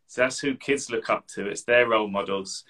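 A man's voice: fairly low pitch, moderate pace, a bit bright, poor audio. A man co-hosting a live session, giving casual, earnest advice, rambling and repeating words. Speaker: co-host meditation coach.

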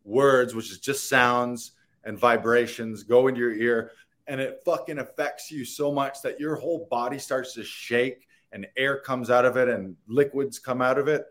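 A man's voice: mid-range voice, steady tone, normal speed, fairly bright tone. A man, an actor, talking in a rambling, earnest and playful way in a casual interview, laughing and swearing now and then. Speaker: actor guest.

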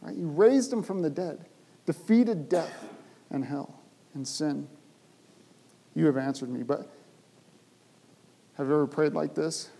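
Animated preaching man, mellow tone. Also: a little high, a little slow, creaky, long pauses, husky, rough recording. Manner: animated preaching, rising to loud emphatic bursts. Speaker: pastor. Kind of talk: sermon.

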